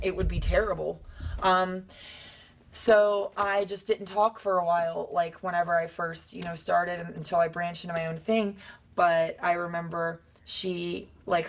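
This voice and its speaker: A young woman wrestler telling stories in a casual interview, acting out quotes with sudden high bursts. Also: a little hiss or hum.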